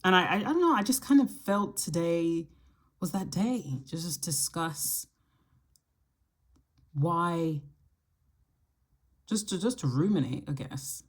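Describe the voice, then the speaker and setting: A woman hosting her astrology channel, talking casually to camera and thinking aloud in a reflective way, with the odd soft laugh. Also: fairly low pitch, lively intonation, slow, long pauses, slightly rough. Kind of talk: casual solo talk to camera.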